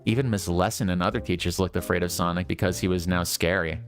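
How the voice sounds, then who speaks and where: A man reading fan fiction aloud in a deadpan, amused way. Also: low voice, fast, faint music behind. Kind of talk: comic public reading.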